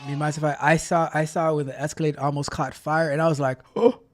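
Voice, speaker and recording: A man's voice: fairly high pitch, level tone, quick pace, a little hiss or hum. A man hosting a live stream, chatting casually, reading out chat messages and repeating himself as he talks. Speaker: livestream host.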